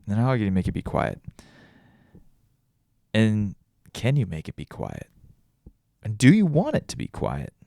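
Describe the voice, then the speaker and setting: A man's voice: fairly low pitch, huge pitch swings, moderate pace, creaky, long pauses, dark tone, no echo, studio quality. A tired man hosting a podcast alone, rambling and thinking aloud with many restarts. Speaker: podcast host. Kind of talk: casual solo reflection.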